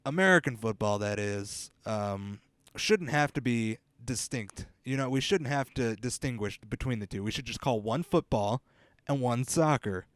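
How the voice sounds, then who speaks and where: A man's voice: medium pitch, normal speed, no room sound. A young man hosting a comedy podcast, rambling through a bumbling, self-deprecating mock field report with the odd swear word.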